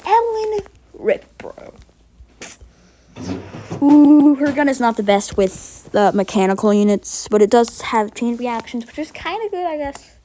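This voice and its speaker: A woman's voice: fairly high pitch, animated, normal speed, few pauses, dark tone, a little hiss or hum. A woman giving rambling, casual commentary while ranking video game characters, a little sick and short of breath. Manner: rambling, chatty, self-correcting. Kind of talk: casual tier-list commentary.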